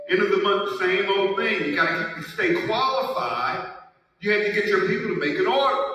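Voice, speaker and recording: A man speaks to an audience in a bright, forceful voice, pitched a little high for a man. He tells his personal story emphatically, and the feeling builds as he goes. The sound comes from some distance off and rings with long reverb in a large hall. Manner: emphatic storytelling with rising emotion. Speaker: network marketing speaker. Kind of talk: testimonial speech to an audience. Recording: echoey hall, voice from far off.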